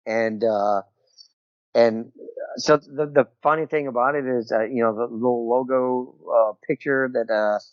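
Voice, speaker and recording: A middle-aged military veteran telling a personal story as a podcast guest, talking loosely and peppering it with "you know" and "right?". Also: male voice, medium pitch, fairly even intonation, measured pace, no room sound. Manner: rambling, full of "you know" and "right?" tags. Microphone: remote call over Skype. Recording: dull, dry call audio.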